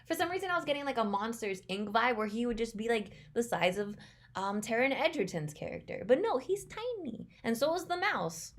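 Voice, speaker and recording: A woman's voice: on the high side, sing-song, normal speed. A young woman chatting casually as she reacts to a movie trailer, rambling and laughing often.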